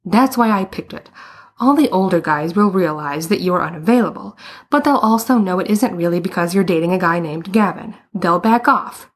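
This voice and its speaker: A woman's voice: on the low side, moderate pace, breathy edge. A woman voicing a showy, confident young man in a story, talking in a breezy, self-assured way.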